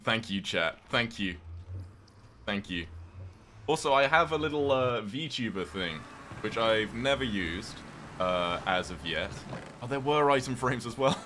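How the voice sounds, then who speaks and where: Bright-toned young British man chatting. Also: fairly low pitch, lively intonation, a little slow, slight background noise. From Britain. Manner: rambling, chatty, reads and thanks chat. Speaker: streamer. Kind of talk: casual livestream chat while gaming.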